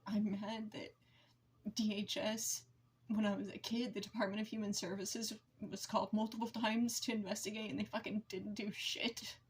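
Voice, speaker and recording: A woman's voice: on the high side, slightly rough. Woman in her forties, blunt profane venting. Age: 40s. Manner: blunt and heavily profane, halting and emotional. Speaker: vlogger. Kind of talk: raw personal venting to camera.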